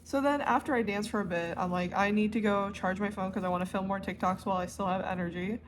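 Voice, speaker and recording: A woman crochet vlogger telling a story to camera in a rambling, animated way, often stopping to correct herself. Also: medium pitch, quick pace, noisy background. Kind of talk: casual storytelling vlog.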